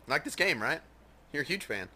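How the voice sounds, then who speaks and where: A man's voice: a little high, sing-song, fairly quick, bright, forceful tone. A man watching his friend play a game, teasing and mocking him in casual banter. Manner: teasing, mocking, laughs a lot. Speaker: let's play co-host watching.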